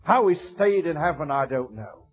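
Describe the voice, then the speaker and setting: A man preaching a sermon with passion, asking rhetorical questions and swinging between loud, high bursts and quiet, low asides. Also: very animated, normal speed, soft background music. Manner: impassioned, rhetorical questions, wide swings in pitch and loudness.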